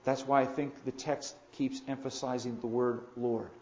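A man delivers a sermon from the pulpit, surging into loud emphatic bursts and then stretching out his stresses. His voice sits in the middle range. The sound is echoey and a little muffled, like a church recording. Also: mid-range voice, little pitch movement. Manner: preaches with sudden loud emphatic swells and slow drawn-out stresses. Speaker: pastor.

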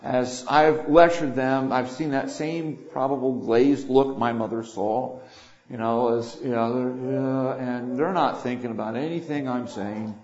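An older man preaching a sermon, swinging between loud emphatic lines and quiet asides. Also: mid-range voice, measured pace. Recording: echoey room, dull lo-fi sound.

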